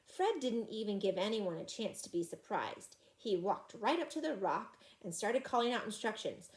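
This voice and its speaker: A woman reading a children's chapter book aloud in an expressive, animated way. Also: mid-range voice, moderate pace, few pauses. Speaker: reader.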